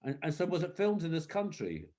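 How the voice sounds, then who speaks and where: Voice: medium pitch, big pitch swings, a little fast, mellow. An interviewer on a home visit, asking short questions and encouraging the guest. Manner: brief, encouraging responses. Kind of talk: casual chat.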